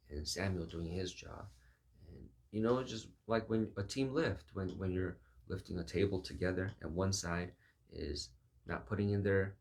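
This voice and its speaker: Low gravelly-voiced man preaching. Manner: musing, acts out quoted voices. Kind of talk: reflective sermon-style talk.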